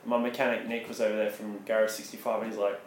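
A man, telling stories in a casual podcast chat, swearing a lot and animated when quoting others. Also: on the low side, fast, very echoey, a little hiss or hum. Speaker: podcast co-host.

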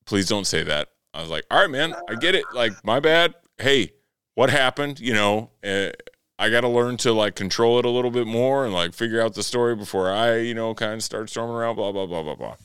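A man in his thirties telling family stories in casual chat, acting out quotes, swearing and laughing loudly. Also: medium pitch, a little fast, clean tone, dry recording, clean studio sound. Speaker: podcast co-host.

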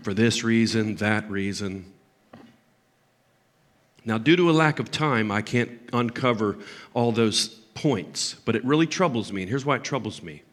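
An older man preaching a sermon as pastor, impassioned, swinging from loud emphatic peaks down to low, quiet asides. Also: lively intonation, measured pace.

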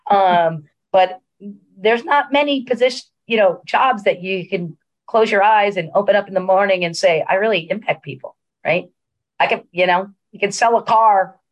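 A woman's voice: medium pitch, moderate pace, dull audio. A middle-aged woman, a senior living executive, telling a story in a casual interview with many fillers and restarts.

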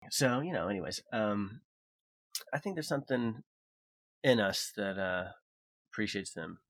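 A man co-hosting a casual conversation podcast, telling wry, joking anecdotes in a lively storytelling way. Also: fairly low pitch, measured pace, dry recording. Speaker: podcast co-host.

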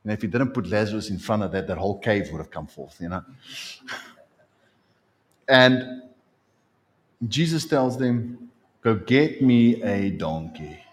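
Animated male preacher. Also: lowish voice, unhurried, pauses often. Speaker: pastor. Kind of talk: sermon.

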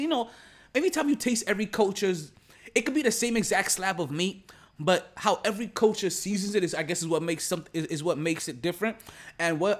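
A man hosting a sports podcast in casual chat, rambling and repeating words, laughing often, recorded away from home at a relative's house. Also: high-pitched. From Jamaica. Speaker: podcast host. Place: relative's home, not a studio.

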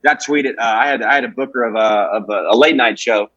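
A man's voice: medium pitch, brisk, a bit bright, no room sound, highs cut off. Brash profane man. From Alabama. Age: 20s. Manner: profane, brash, rambling with restarts. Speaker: comedian guest. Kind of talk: casual podcast storytelling.

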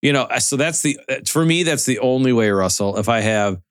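A man's voice: medium pitch, animated, fairly quick, clean tone, no room sound, studio quality. A man co-hosting, telling stories in a rambling, laughing way. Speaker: podcast co-host. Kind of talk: casual storytelling.

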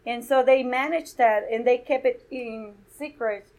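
A woman's voice: fairly high pitch, a little slow, darkish tone, rough recording. A woman whose first language is Spanish, casually telling stories and laughing often as she retells conversations. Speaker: guest speaker. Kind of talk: casual storytelling.

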